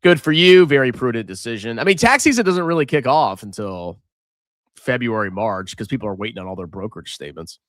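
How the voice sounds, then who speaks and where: Lively, bright-voiced man hosting a market stream. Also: medium pitch, brisk, dry recording. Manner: animated, jokey, reacts loudly to price moves. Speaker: finance livestream host. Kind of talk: casual market livestream.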